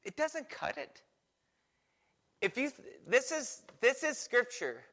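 Bright-voiced male pastor preaching. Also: extremely high pitch, big pitch swings, slow. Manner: conversational, acts out quoted voices. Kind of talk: sermon.

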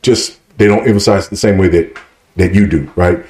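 A low-pitched man answers questions at a conference, pressing his points hard and tagging them with quick checks for agreement. His voice rings through an echoey hall. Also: a little mellow. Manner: emphatic, checks understanding with repeated "right?". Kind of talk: Q&A teaching.

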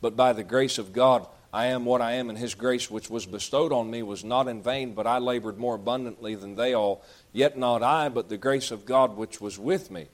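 A man's voice: medium pitch, moderate pace. A man preaching a sermon, reading scripture aloud and explaining it in folksy, conversational asides.

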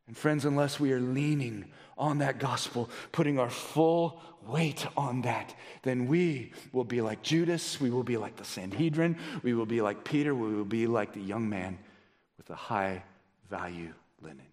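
A man preaching a sermon as pastor, emphatic, swinging between a raised voice and soft pleading. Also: mid-range voice, normal speed, long reverb tail.

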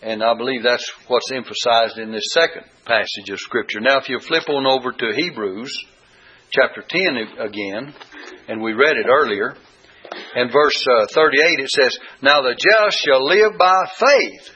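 A man's voice: mid-range voice, moderate pace, sharp tone, a little hiss or hum. A man teaching a Bible study lesson, reading verses aloud and repeating key words with rising emphasis. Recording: dull lo-fi recording.

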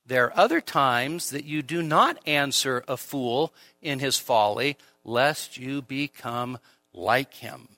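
A man preaching an expository sermon at a midweek church service, lively and conversational, with frequent rhetorical questions. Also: medium pitch, takes it slowly. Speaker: pastor.

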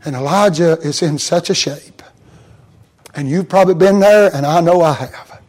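A man preaching a sermon in a folksy, plain-spoken way, swinging from hushed storytelling to shouted emphasis. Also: fairly high pitch, normal speed.

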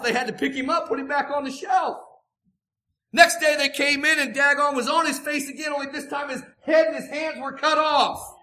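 A man's voice: extremely high pitch, bright, forceful tone. A man preaching a sermon, emphatic and repeating his key phrases for weight.

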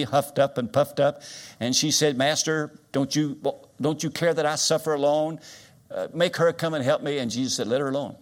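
An older man delivering a sermon from the pulpit. His voice sits at an ordinary pitch but keeps rising to loud, stretched-out peaks, then drops back to a hush. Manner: dynamic preaching, swings loud and soft. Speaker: guest preacher.

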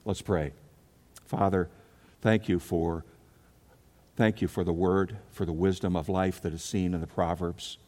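A man's voice: sits low, steady tone, unhurried, pauses often, a little mellow, long reverb tail. A man preaching a sermon as pastor, telling a story from his own life and acting out its scenes. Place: church sanctuary.

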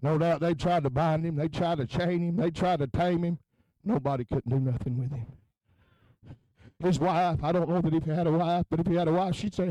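A man preaching a revival sermon in a tent, moving between low, quiet talk and chanted, shouted peaks. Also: animated, fairly quick, dry recording, rough recording.

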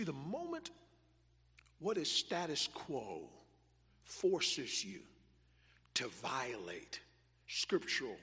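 A man's voice: on the high side, bright, forceful tone. Emphatic preacher man in a reverberant hall. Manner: emphatic, repetitive call-and-response preaching. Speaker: pastor. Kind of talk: sermon.

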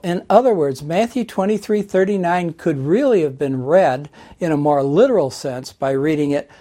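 A man preaching a sermon, teaching slowly and deliberately through Bible passages. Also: fairly high pitch, dark tone. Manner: slow, deliberate Bible teaching with scripture readings.

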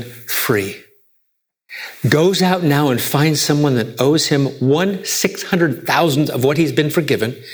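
A man preaching a sermon, emphatic and rhetorical, with repeated questions and wide swings from loud to hushed. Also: medium pitch. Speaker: pastor.

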